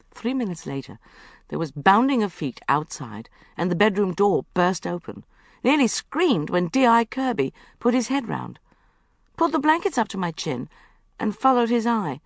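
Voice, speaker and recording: An expressive woman reads a comic first-person novel, her pitch moving widely. Her voice has a gravelly edge, and she sounds close and dry with no room. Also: dry recording. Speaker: audiobook narrator. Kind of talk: first-person audiobook narration.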